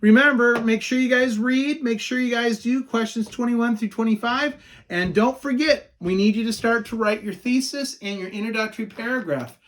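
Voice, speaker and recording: A man's voice: very high voice, moderate pace, a bit bright. A male history teacher giving a recorded lecture, repeating key notes and asking questions that he answers himself. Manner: asks the class questions and answers them himself.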